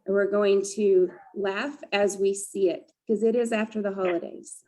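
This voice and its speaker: A woman's voice: mid-range voice, fairly even intonation, normal speed, mellow. Upbeat woman leading laughter yoga. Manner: upbeat, chatty, breaks into laughter. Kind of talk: guided group exercise session.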